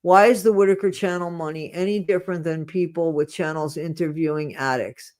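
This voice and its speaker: A livestream host reading viewer comments in a casual chat, blunt and full of restarts, swinging between quiet mumbling and loud ranting. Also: mid-range voice, steady tone, fairly quick.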